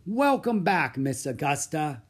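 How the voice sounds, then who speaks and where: A man voicing a stout older woman cook who speaks bluntly and briskly. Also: a little high, big pitch swings, voice pushed up.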